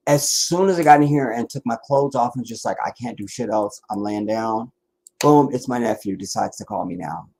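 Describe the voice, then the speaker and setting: A livestream host from the Washington DC area, worn out and tired, rambles casually with frequent restarts and asides. His voice sits mid-range, with a darkish tone and a breathy edge.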